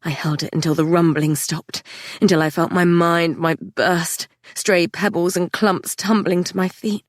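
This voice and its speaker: A woman narrating a dark fantasy story in the first person, with an intense, measured delivery. Her voice sits low, and the recording is dry and close, with no room around it. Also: steady tone, dry recording. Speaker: audiobook narrator.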